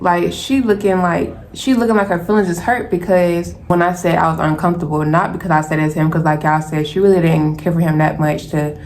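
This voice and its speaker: A young woman in her twenties telling a personal story to her viewers in a lively, casual way, calling them y'all. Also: on the low side. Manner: animated, talks straight to viewers as y'all.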